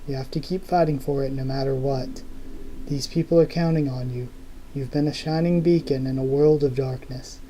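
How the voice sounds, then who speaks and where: A man reading aloud as a dying woman who stays calm and steady, in a plain comic-reading voice. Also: medium pitch, slight background noise, lightly acted, low-quality recording.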